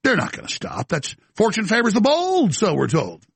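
A man's voice: high-pitched, huge pitch swings, moderate pace, gravelly, slightly rough, dry recording. A man hosting a talk show, delivering an impassioned, emphatic monologue into a studio microphone. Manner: ranting, emphatic, insistent.

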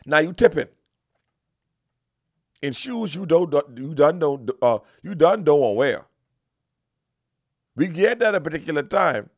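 A man's voice: on the high side, very animated, a little slow, pauses often, dry recording, clean studio sound. A man giving a comic, preachy lecture with emphatic repetitions, like a mock sermon.

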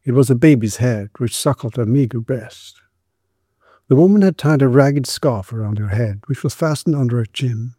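A man narrating a period story in a measured, descriptive way. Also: medium pitch, warm tone, husky, dry recording, clean studio sound.

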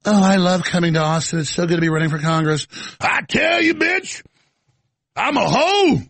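A man putting on a shrill, whining caricature of a congresswoman, dragging his words out in a mocking wail. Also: lively intonation, gravelly, a bit bright, husky, no room sound, exaggerated voice. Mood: brash. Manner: slow drawn-out mocking wail.

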